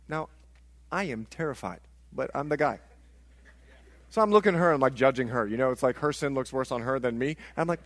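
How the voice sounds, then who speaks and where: A middle-aged man from Liberia preaching a sermon, telling stories and acting out voices, swinging from hushed tones to shouting. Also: medium pitch, expressive, normal speed, pauses often.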